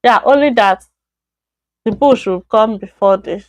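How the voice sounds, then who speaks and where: A woman with a Nigerian accent teaching a beginner Chinese lesson on a live stream, slowly repeating words and correcting herself. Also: a little high, a little mellow, no room sound.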